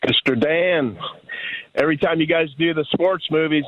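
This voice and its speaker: A man from Ohio calling in to a radio show, joking and animated. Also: on the high side, normal speed, no room sound, narrow, tinny audio. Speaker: caller. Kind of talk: radio call-in.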